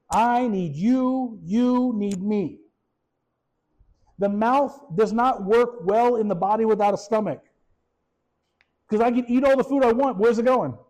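Male pastor, warm and soft in tone, preaching in a chatty, lively way with questions to the room. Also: high voice, low-quality recording. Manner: animated, repeats words, asks the room questions. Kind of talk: conversational sermon.

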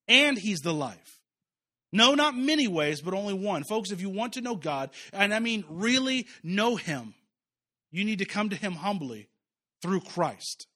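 A man's voice: high voice, sing-song, a little slow, pushed and bright. A man pastor preaching a sermon in a conversational way, restarting words and turning to the congregation with asides.

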